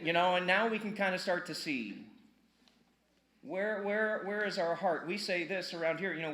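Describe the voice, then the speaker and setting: A male pastor delivering a sermon in a casual, energetic style, asking the congregation questions and repeating words for emphasis. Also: sits high, normal speed, roomy sound. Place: church sanctuary.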